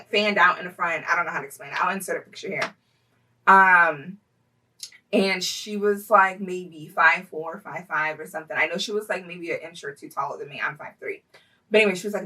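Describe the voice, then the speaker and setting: A young woman telling a personal story in casual vlog style, chatty, full of fillers and quick to laugh. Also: lowish voice, sharp tone, distant mic, low-quality recording.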